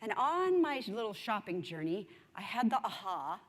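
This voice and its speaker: A woman giving a conference speech, telling a story in an animated, self-mocking way. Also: medium pitch, moderate pace. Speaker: conference speaker. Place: large conference hall. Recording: long hall reverb.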